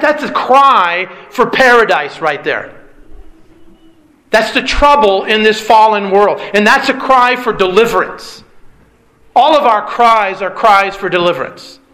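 A man's voice: high-pitched, bright, forceful tone. A man preaching a sermon as pastor, emphatic, firing off rhetorical questions at his congregation. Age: adult with a young child.

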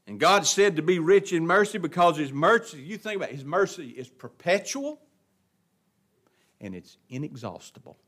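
A man's voice: fairly high pitch, lively intonation, normal speed, fairly bright tone, slightly rough. A man teaching an adult Bible class, speaking in a folksy, emphatic way with chuckles and repeated words. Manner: folksy, emphatic preaching with laughs and repetitions. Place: church classroom.

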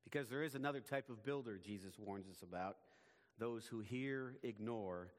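Preaching man in a reverberant hall. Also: on the low side. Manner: measured, emphatic preaching with dropping phrase endings. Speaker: pastor. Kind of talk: sermon.

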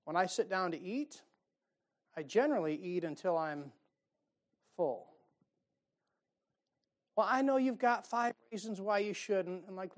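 A man's voice: sits high, animated, a little slow, pauses often. A man preaching a sermon in a church, folksy and conversational, building to emphatic outbursts. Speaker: pastor. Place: church sanctuary.

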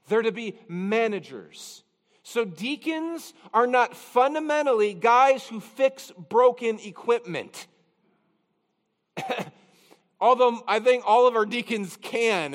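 A man's voice: high-pitched, long reverb tail. A man pastor preaching a conversational expository sermon, with chatty, self-deprecating asides. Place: church sanctuary.

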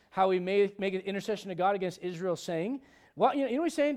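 A middle-aged man pastor preaching a midweek Bible study sermon, animated and conversational, with joking asides to the congregation. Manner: animated preaching, bursts of high-pitched emphasis, quick asides.

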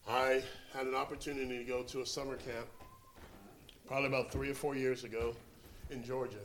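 A man with a Southern US accent preaches a sermon, moving from prayer into storytelling. His voice sits at an ordinary middle pitch and carries an earnest, plainspoken warmth. The sound rings around a roomy space. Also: a little fast, a little hiss or hum. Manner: earnest, builds to excited animated storytelling.

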